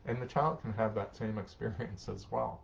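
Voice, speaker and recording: Low-voiced man, lo-fi sound. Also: steady tone, normal speed, gravelly. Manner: warm, conversational, acts out short parent-child exchanges. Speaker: social worker and counselor. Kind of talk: live-streamed advice talk reading comments.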